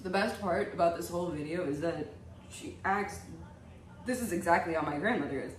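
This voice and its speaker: A woman's voice: lowish voice, brisk, roomy sound, distant mic, slight background noise. A young woman hosting a casual comedic reaction to comments, blunt and laughing often.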